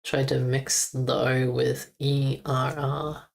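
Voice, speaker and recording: A streamer practising German pronunciation on a live stream, slowly repeating words over and over with chuckles and the odd mild swear. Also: medium pitch, level tone, gravelly.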